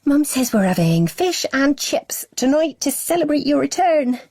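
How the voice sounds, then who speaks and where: A woman voicing an excitable little girl who squeals eagerly at her big brother in an audiobook. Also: high-pitched, normal speed, no room sound, clean studio sound, voice pushed up. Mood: excited. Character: excitable little girl, bouncy twin sister.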